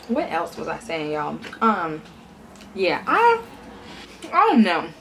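A woman's voice: medium pitch, huge pitch swings, a little slow, long pauses, slight background noise. A young woman vlogger chatting casually and telling stories while she eats, acting out the voices of people she quotes.

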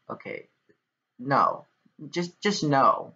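A young man giving casual reaction commentary on songs, excitable and swearing often. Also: medium pitch, moderate pace. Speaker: music reaction reviewer. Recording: dull lo-fi mic with music playing. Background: music playing.

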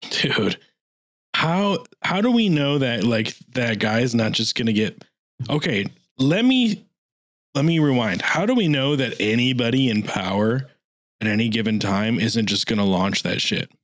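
A man's voice: mid-range voice, lively intonation, measured pace, fairly bright tone, dry recording. Man, casual podcast co-host, inquisitive and rambling, dry mic. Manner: curious, asks rambling questions.

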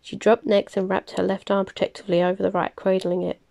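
A woman reading a novel aloud, plain and unhurried, with small slips she corrects as she goes. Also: mid-range voice, little pitch movement, creaky, dark tone. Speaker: reader. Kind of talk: audiobook-style novel reading.

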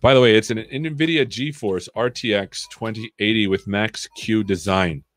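A man's voice: on the low side, a little slow, fairly bright tone, dry recording, faint music behind. A man hosting a live coding stream, chatting casually and joking while he thinks aloud.

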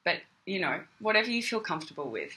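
A woman's voice: fairly low pitch, very animated, quick pace, bright, forceful tone. An Australian woman teaching meditation on a casual livestream, chatty and greeting viewers by name. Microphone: phone.

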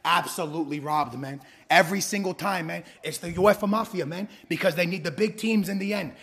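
A man's voice: sits high, fairly quick, fairly bright tone, husky. A man reacting live to a football match, ranting and swearing at the referee on screen. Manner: ranting, profane, talks at the screen.

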